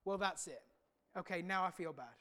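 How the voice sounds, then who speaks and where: A woman's voice: on the low side, normal speed, sharp tone. A woman preaching a sermon in a frank, conversational way.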